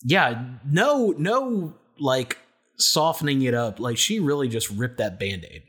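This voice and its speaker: A man's voice: mid-range voice, animated, a little slow, fairly bright tone, breathy edge. Joking man recapping a show. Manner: jokey, acts out characters' lines. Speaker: podcast co-host. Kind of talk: casual recap chat.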